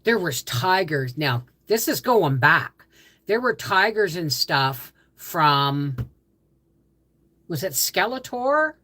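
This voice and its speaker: An older woman with a notably low voice hosts a casual livestream. She rambles from story to story, often stops mid-sentence to restart, and picks up comments from viewers as they come in. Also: sing-song, takes it slowly, pushed and bright. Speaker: livestream host.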